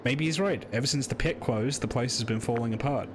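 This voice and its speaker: A man's voice: mid-range voice, a little fast, noisy background, lightly acted. A man voicing a weary small-town shopkeeper in a raised, mournful voice. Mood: glum.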